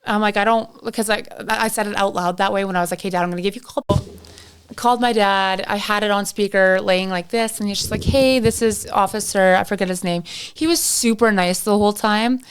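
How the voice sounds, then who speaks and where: A young Canadian woman, a podcast guest, tells a long story in casual chat, acting out both sides and saying "like" a lot. Her medium-pitched voice is smooth and steady, and she speaks a little fast.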